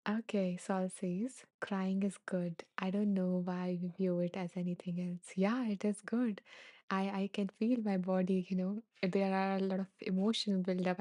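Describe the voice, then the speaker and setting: A soft-spoken woman host reads and answers live listener comments, slow and unhurried, with a mellow, warm tone. She sounds emotional and close to tears, laughing softly between remarks. The recording is dry and close. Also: mid-range voice, no echo. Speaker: podcast host.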